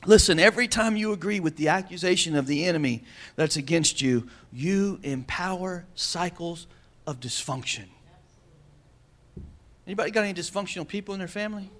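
Brief: male pastor, high voice, casual and urgent sermon, keeps checking in with the room. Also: a little fast, fairly bright tone. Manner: conversational, calls out to the congregation. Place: church.

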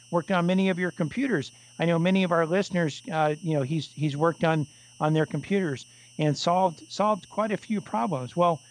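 Male radio show host, fairly high voice, loose rambling delivery full of fillers. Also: rough recording. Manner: rambling, many restarts and fillers. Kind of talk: casual call-in radio talk.

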